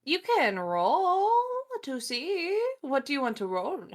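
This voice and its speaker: Woman game master, high bright voice, unhurried, calls for rolls casually. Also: very animated. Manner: casual, swears, asks for rolls. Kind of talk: running a tabletop game.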